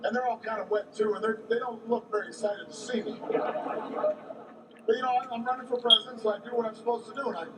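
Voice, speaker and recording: Brief: male candidate at a rally, high voice, distant echoey recording, halting storytelling. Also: steady tone. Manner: halting delivery with many repeated words. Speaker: political candidate. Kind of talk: campaign rally speech, storytelling. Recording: echoey, distant mic, background noise.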